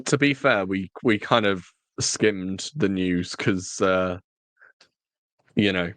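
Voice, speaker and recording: Rambling man, smooth low voice. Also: takes it slowly, fairly bright tone, dry recording. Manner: rambling, self-correcting, jokey. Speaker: podcast co-host. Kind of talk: casual chat.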